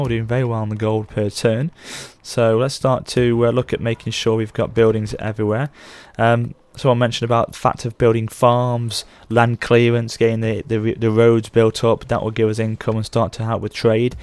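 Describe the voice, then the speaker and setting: A man's voice: mid-range voice, level tone, normal speed, hardly any pauses, a little mellow, dry recording. A man in his thirties giving rambling, casual let's play commentary, often correcting himself mid-sentence. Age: 30s. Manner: chatty, rambling, frequent self-corrections. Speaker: gaming channel host.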